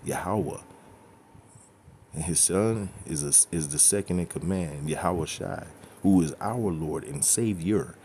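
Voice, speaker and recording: A man's voice: sits low, warm tone, slight background noise. A man teaching scripture in a blunt, profane, emphatic way, often checking in with "okay?" and "right?". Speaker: religious teacher.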